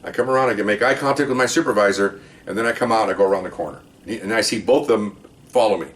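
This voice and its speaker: An older man rattles off stories from his years as an undercover cop, quick and animated. He acts out the back-and-forth of each scene. His voice sits a little away from the microphone. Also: lowish voice. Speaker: retired undercover police officer. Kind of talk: casual storytelling of past cases. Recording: voice distant from the mic.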